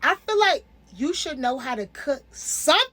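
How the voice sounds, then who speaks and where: A woman in her twenties giving casual, animated commentary as a reality TV reviewer, slangy and emphatic. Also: high voice, moderate pace. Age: 20s.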